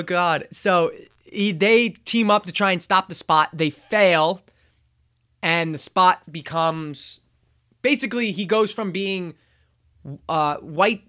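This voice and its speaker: A man's voice: on the high side, pushed and bright. A man hosting a podcast, recapping a movie in casual chat, rambling with chuckles and acting out quotes. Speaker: podcast host.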